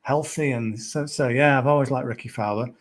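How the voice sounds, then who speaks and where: A man's voice: mid-range voice, brisk. Rambling man in golf-betting chat. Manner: rambling, hesitant, lots of "sort of" and "yeah". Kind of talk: casual podcast chat.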